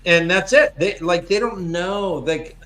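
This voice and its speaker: An animated man hosts a casual book podcast, swearing freely and slipping into quick character voices. His voice sits a little high, with faint music playing behind him. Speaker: podcast host.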